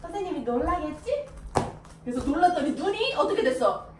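A young woman teaching little kids English, her voice very high and swinging widely as she playfully acts out each feeling. She sounds set back from the mic in an echoey classroom, with faint noise underneath. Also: sing-song, racing, distant mic. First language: Korean. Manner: playful, acts out emotions with exaggerated voice. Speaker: English teacher of kindergarten children. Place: classroom with small children.

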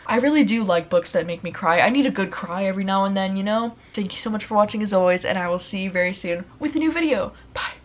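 A woman's voice: medium pitch, lively intonation, quick pace, hardly any pauses. Young female book vlogger, casual and gushing, emotional at times. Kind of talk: casual book review vlog.

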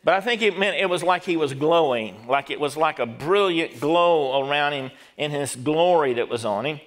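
A man's voice: fairly high pitch, normal speed, fairly bright tone. A middle-aged man, a pastor preaching a sermon and drawing call-and-response from the congregation.

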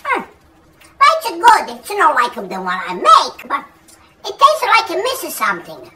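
A man's voice: very high-pitched, huge pitch swings, measured pace, bright, forceful tone, pitched above the performer's own voice, exaggerated voice. A man voicing a bossy, thrifty old Italian aunt with an Italian accent and broken English. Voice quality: broken English, pushy, haggling.

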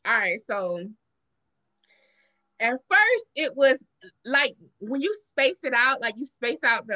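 A woman with a Southern US accent co-hosting a podcast, telling stories in casual chat and acting out the lines she quotes. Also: fairly high pitch. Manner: animated storytelling, acts out quoted lines. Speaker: podcast co-host.

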